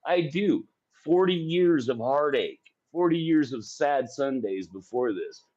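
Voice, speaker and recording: A man in his forties, profane and combative, rants on a live sports stream while answering his chat. His medium-pitched voice is animated, a little slow and slightly mellow, and the stream audio sounds dull and lo-fi.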